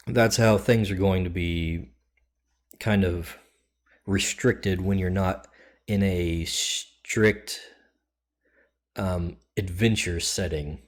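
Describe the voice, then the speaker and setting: A man's voice: lowish voice, a little mellow. A man casually explaining the rules of a game he is designing, in a loose, rambling way with many fillers and restarts.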